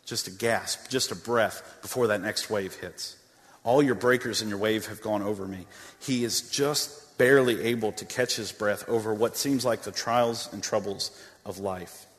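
Low-voiced man preaching in a reverberant hall. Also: a bit bright. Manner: earnest, repeats words as he restarts, reads scripture aloud. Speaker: pastor. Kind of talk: sermon. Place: church sanctuary with a stage.

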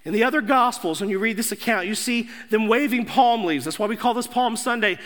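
A man's voice: sits high, fairly quick, few pauses, fairly bright tone. A young man preaching a sermon as pastor, emphatic, building through repeated declarations. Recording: echoey hall.

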